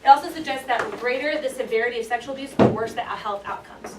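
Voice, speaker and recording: A woman's voice: fairly high pitch, fast. A woman teaching a class, upbeat and encouraging, playfully hyping the lesson. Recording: echoey room, mic far off, noisy.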